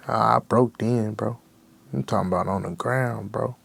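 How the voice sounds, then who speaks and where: Gravelly young man, raw and emotional. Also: fairly low pitch, a little slow, a bit bright. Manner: raw, emotional, slangy with constant "bro". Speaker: rapper guest. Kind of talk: candid interview talk.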